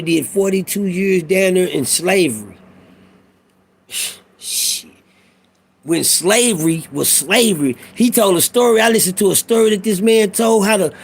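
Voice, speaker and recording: A man's voice: high voice, vocal fry. A middle-aged man talking in a casual monologue, telling a profane, preachy prison story in street talk. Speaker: vlogger.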